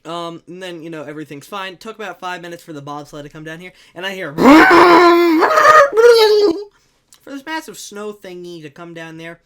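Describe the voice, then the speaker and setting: A young man telling a comic personal anecdote in an animated, jokey way, with sudden loud bursts. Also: a little high, quick pace, hardly any pauses. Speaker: storyteller.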